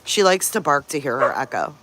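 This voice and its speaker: A livestream host in easy morning chat, with a voice of middling pitch. The talk rambles from story to story and stops often to greet viewers by name. Every now and then the host breaks off to coo at pet dogs. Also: big pitch swings, fairly quick, very noisy. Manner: chatty, greets viewers by name between stories.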